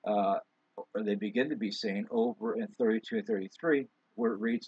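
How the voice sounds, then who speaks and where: A male pastor delivers his sermon in a relaxed, conversational manner, stopping for asides and fillers. His voice is slightly husky and sits in a middle range. The recording is dry and dull, with little top end. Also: on the low side, moderate pace, no echo. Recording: dull, lo-fi sound.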